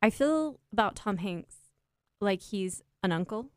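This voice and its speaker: A woman co-hosting a casual film podcast, chatty and wry, with a lively, animated delivery. Her voice sits at a middle pitch. The recording is dry and close, with no room echo. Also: unhurried, smooth. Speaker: podcast co-host. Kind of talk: casual film review chat.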